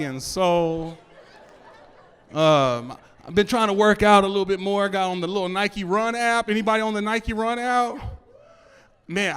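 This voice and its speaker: A high-pitched, slightly bright, smooth male voice carries this stand-up set in front of a live club audience. The comedian speaks loosely, stammering into restarts and turning aside to address the crowd.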